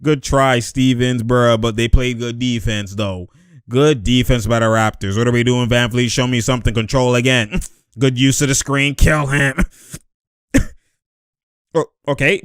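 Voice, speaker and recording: A young man giving excited, animated commentary over basketball highlights, laughing often and shouting at the plays. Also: moderate pace, clear, resonant tone, no echo, studio quality.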